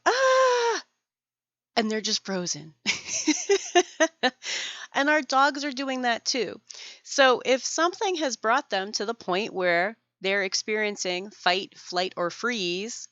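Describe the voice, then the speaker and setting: Animated woman podcast host, dull dry audio. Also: mid-range voice, no echo. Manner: animated explainer who acts out examples and laughs often. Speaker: podcast host teaching dog groomers. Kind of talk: educational podcast monologue.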